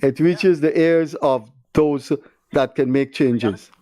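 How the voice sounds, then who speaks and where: The voice is a little high and dark in tone, moving at a slow pace: an older man with a Guyanese accent running a call-in radio program. His commentary is exasperated and rambling.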